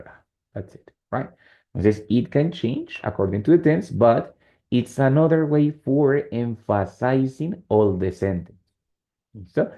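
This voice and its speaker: With a gravelly, mid-range voice and lively intonation, a man takes his time explaining English grammar in an online class. Spanish is his first language, and he switches between it and English while often checking in with students. The recording is slightly dull and lo-fi.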